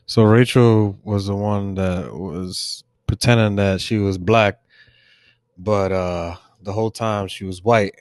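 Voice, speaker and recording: Man, young adult, New York accent, podcast co-host, unhurried, short reactions, dry sound. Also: lowish voice, steady tone, darkish tone, no echo. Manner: laid-back, reacting with short quips. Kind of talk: casual podcast chat.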